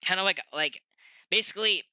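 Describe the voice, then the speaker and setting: A man's voice: high-pitched, a little fast, pushed and bright, smooth, no echo, rough recording. A young man with a stuffy nose hosting his own review show, rambling casually with many ums and self-corrections. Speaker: host of a review channel. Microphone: desk microphone.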